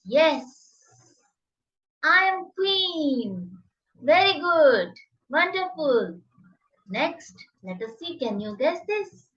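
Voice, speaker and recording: Slow, sing-song woman teaching phonics. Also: high voice, very animated, recorded from a distance, highs cut off. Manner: slow, carefully enunciated, sing-song drilling of words. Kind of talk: children's phonics lesson.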